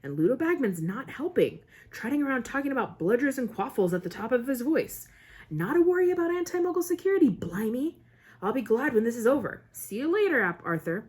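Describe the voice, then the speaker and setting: A harried, exhausted wizard official who grumbles under his breath, as a woman reads him aloud. The voice is breathy and husky, and its pitch moves around a lot. It sounds like a storybook reading. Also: big pitch swings, a little fast, a little mellow. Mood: weary. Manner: muttering, weary.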